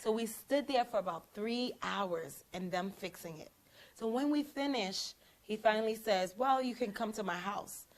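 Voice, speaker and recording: A young woman hosting a faith talk show, telling a story from her own life. She acts out what each person said with animated emphasis, and her voice sits at a middle pitch. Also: normal speed. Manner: animated, acts out quoted lines. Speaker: prophetess and show host. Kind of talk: storytelling in casual chat.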